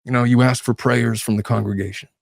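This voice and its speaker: A man's voice: medium pitch, fairly even intonation, quick pace, gravelly, no room sound. Exasperated male legal commentator. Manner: exasperated, rambling with fillers. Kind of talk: casual commentary on a clip.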